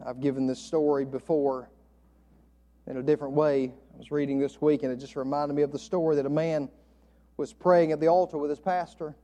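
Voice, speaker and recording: High-voiced preacher man, swinging loud and soft. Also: fairly even intonation, fairly quick, highs cut off. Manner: preaching with swings from loud emphatic lines to soft near-whispers; quotes King James scripture. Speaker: pastor. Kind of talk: sermon.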